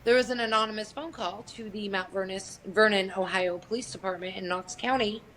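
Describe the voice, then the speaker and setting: A woman's voice: mid-range voice, fairly even intonation, a little fast, fairly bright tone, a little hiss or hum, low-quality recording. Blunt woman telling a story candidly. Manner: blunt, profane, matter-of-fact with frequent fillers. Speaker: guest sharing a family story.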